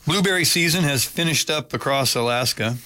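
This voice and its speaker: A man reading radio news as the anchor, in an even, measured delivery. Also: a little high, slight background noise. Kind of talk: read news bulletin.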